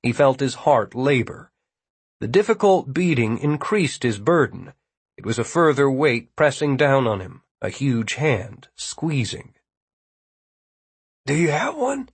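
Slow, husky male narrator. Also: mid-range voice, animated, no echo. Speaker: audiobook narrator. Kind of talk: scripted narration.

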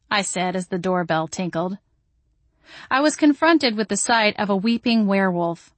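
A woman's voice: medium pitch, no room sound. A woman narrating a novel in first person with a dry, wry delivery. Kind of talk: audiobook narration.

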